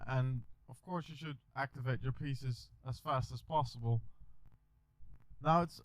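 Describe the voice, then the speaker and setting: A man's voice: a little high, dry recording. A man teaching a chess video lesson, talking through the moves with small restarts. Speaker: chess coach. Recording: dull, dry recording.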